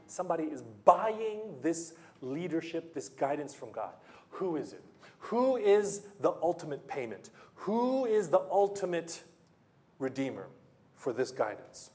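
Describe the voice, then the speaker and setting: Male preacher, slightly high voice, emphatic, with rhetorical questions and repeats. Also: darkish tone. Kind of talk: sermon.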